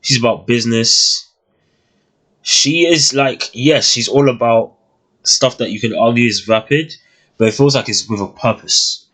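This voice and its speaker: A young man giving a casual, thoughtful review of a TV series, often pausing and restarting his sentences. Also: medium pitch, a bit bright. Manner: thoughtful, hesitant, many restarts and fillers.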